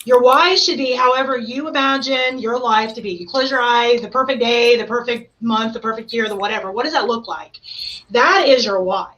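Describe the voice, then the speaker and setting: A woman host in casual podcast chat, animated, laughing often and acting out what others said. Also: a little high, normal speed, muffled recording.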